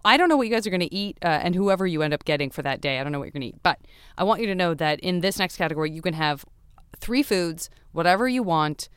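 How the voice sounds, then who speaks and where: A woman hosting a podcast interview, chatty and playful, quick to laugh. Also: on the low side, smooth, no room sound, clean studio sound. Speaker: podcast host. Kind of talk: casual interview chat.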